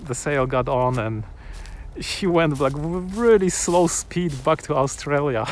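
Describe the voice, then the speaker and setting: A man's voice: fairly high pitch, a little slow, slight background noise. A man chatting casually and enthusiastically, rambling with restarts and small chuckles, outdoors on a sunny afternoon. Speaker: vlogger. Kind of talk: casual chat to camera.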